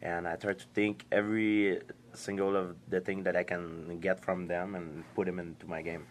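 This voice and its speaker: A young man answering interview questions in halting, repetitive English, laughing easily. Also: low-pitched, flat delivery, a little hiss or hum. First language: French. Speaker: interviewed fighter. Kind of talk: casual interview.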